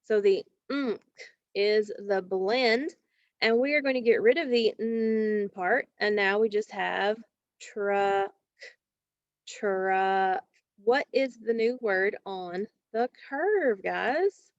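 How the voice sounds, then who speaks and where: Slow, careful woman teaching phonics. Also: fairly high pitch, no room sound. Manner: slow, careful, drawn-out word modeling. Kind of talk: recorded phonics lesson for children. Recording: dull, dry, lo-fi home recording.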